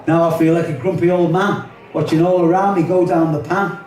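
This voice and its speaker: A man's voice: fairly high pitch, flat delivery, brisk, a little mellow, far from the mic, a little hiss or hum. An older man with a Liverpool accent reciting his own rhyming poems live, wry and rhythmic. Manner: rhythmic, wry delivery with spoken asides. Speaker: poet performing his own work. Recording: echoey hall, voice from off-mic.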